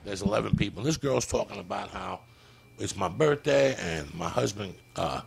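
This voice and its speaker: Gravelly crude storytelling man. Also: fairly low pitch, lively intonation, normal speed. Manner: crude, rowdy storyteller acting out voices. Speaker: comedian guest. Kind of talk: storytelling on a podcast.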